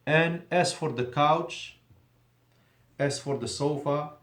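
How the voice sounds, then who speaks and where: A man's voice: a little high, fairly bright tone. Man teaching in an echoey room. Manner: deliberate, drawn-out emphasis on key words; switches between Arabic and English, self-correcting. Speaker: Arabic teacher. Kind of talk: classroom lesson. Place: mosque classroom.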